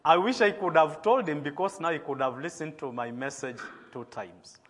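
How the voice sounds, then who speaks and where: A man's voice: on the high side, expressive, moderate pace, a bit bright, a little hiss or hum. A man from Kenya with a Kenyan English accent, a bishop preaching a sermon in an earnest way, stressing key words and adding apologetic asides.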